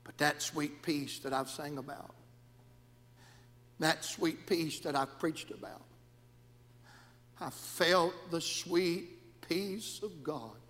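High-voiced preacher with a swinging delivery. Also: male voice, slow pace, pauses often, in a large hall. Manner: rhythmic, swinging from shouts to near whispers. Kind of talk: sermon.

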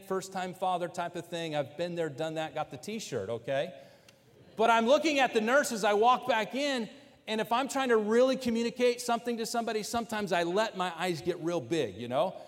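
A man with a slightly raised voice tells a personal family story, animated and full of quoted exchanges. His voice rings through a large hall with a long, trailing reverb. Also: high voice, brisk. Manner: animated, quotes others in lively asides. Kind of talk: personal story told to an audience.

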